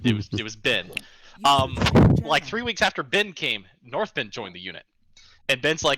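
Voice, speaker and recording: A man's voice: medium pitch, big pitch swings, normal speed, sharp tone, low-quality recording. A man leading a casual voice chat during a game, telling a long story in a ranting, storytelling way. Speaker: streamer and unit leader.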